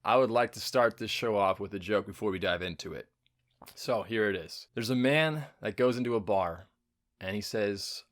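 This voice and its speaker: A man in his late twenties co-hosting a podcast, telling jokes in a deadpan way and swearing in casual banter. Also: on the low side, normal speed. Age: late 20s. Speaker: podcast co-host.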